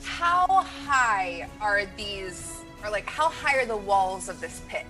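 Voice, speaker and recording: A woman's voice: mid-range voice, slow pace, soft background music. A woman playing a tabletop game, eager and chatty. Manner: eager, lively. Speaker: player. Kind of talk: casual tabletop play.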